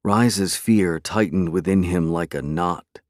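Measured and dramatic, a male audiobook narrator with a lowish voice works through a scripted story. The recording stays dry and close, free of room sound.

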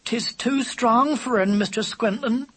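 Male narrator doing a cooing storybook hen pigeon, high and sing-song. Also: animated, normal speed, breathy edge, no echo. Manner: cooing, rustic. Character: chatty, motherly female pigeon.

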